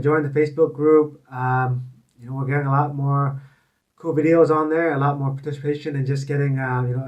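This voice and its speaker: A man hosting a casual interview, talking in a relaxed way with lots of fillers. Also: mid-range voice, no room sound, dull audio. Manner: relaxed, filler-heavy talk. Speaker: host.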